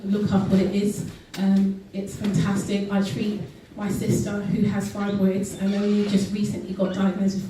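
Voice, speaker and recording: A woman's voice: medium pitch, warm tone, slight background noise. A woman giving a health talk to an audience at an event, earnest and full of ums and restarts. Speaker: guest speaker. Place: event hall. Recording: echoey hall recorded from far off.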